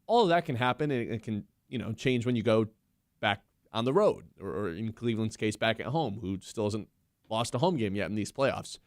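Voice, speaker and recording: A man's voice: on the low side, lively intonation, normal speed, no room sound, clean studio sound. A man co-hosting a sports radio show, making emphatic points in a casual, opinionated way. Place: radio studio.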